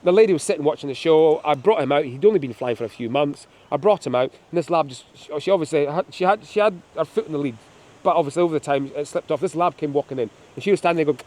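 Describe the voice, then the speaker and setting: A man's voice: on the high side, fast, a little mellow. A middle-aged man, a falconer, showing birds of prey outdoors on a windy hilltop, telling chatty, joking anecdotes. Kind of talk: hands-on demonstration with storytelling.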